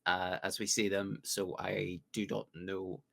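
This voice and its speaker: A man from the UK hosting a casual podcast quiz, joking along and reading out multiple-choice questions with drawn-out pauses. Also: sits low, flat delivery, creaky, a bit bright. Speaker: quiz host.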